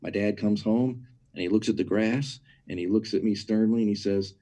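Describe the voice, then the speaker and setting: A man with a lowish, warm, mellow voice talks as a guest in a conversational teaching style. He drives his points home emphatically, stacking repeated words, and keeps asking "right?" to his listener. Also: fairly even intonation, normal speed. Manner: asks listeners rhetorical questions. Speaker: guest speaker on church matters.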